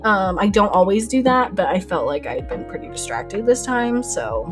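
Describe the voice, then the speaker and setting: Young woman, art streamer, casual rambling chat, giggly, lively pitch, faint background music. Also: moderate pace. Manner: chatty, rambling, giggly, reads chat aloud. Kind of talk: casual live-stream chat while painting. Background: soft lo-fi music.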